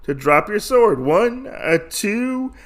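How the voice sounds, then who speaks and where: A man's voice: sits high, very animated, slow pace, pitched above the performer's own voice, exaggerated voice. A man voicing a cold male sword assassin who taunts while holding a hostage, retold loosely in a comic recap. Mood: taunting.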